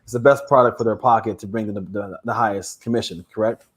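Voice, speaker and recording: Fast-talking male podcast host. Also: lowish voice, steady tone, husky. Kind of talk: podcast interview.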